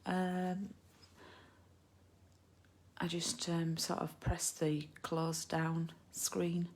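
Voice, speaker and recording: A woman from the United Kingdom with a British English accent hosts a live card-making stream, heard through a laptop or phone camera mic. Her fairly low voice stays level and draws out its words as she chats casually and rambles, full of ums and asides.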